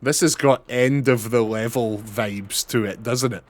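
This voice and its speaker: A man's voice: mid-range voice, unhurried. A young man giving casual, chatty commentary on a game he is playing, swearing and laughing often. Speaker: streamer.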